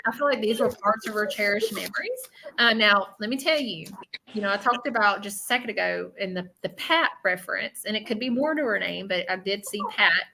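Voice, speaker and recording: A woman's voice: medium pitch, expressive, brisk, creaky, pushed and bright, a little hiss or hum, rough recording. A woman with a Southern US accent giving a live psychic reading, reassuring and repetitive, often checking in with "okay?". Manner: reassuring, repeats herself, keeps asking okay. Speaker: spiritual medium.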